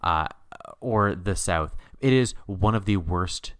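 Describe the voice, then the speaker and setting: A man co-hosting a podcast, chatting about a TV miniseries in an animated way, laughing often with sudden upward jumps in pitch. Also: slow pace, clean tone, no echo, studio quality. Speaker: podcast co-host. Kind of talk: casual chat recapping a TV miniseries.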